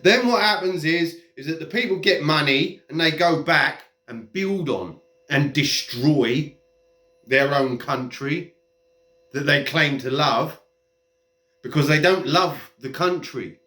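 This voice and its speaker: A man's voice: fairly high pitch, takes it slowly, bright, forceful tone. A man delivering a heated, profane, mocking rant straight to camera. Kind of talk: ranting monologue. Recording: echoey room.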